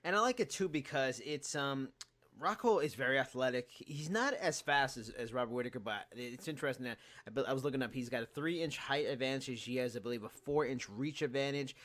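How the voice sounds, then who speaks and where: A man's voice: mid-range voice, fairly quick, fairly bright tone. A man hosting a podcast, chatting casually and breaking down details analytically. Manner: analytical, talks through details at length. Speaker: podcast host. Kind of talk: casual chat.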